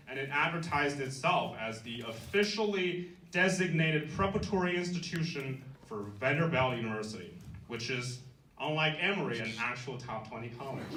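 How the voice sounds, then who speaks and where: A young man from China performing a crude, irreverent stand-up set with deadpan punchlines in front of a live university crowd. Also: on the high side, background noise. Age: young adult. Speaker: stand-up comedian. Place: university comedy event before a live audience. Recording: echoey room, distant mic, loud audience laughter.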